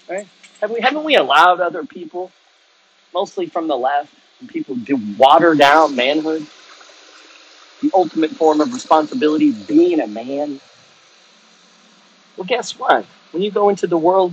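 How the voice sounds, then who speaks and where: A man's voice: fairly high pitch, animated, moderate pace, long pauses, husky. A middle-aged man ranting bluntly and profanely about building wealth, lecturing his viewers with rising heat. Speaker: wealth-building content creator. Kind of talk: unscripted rant to camera.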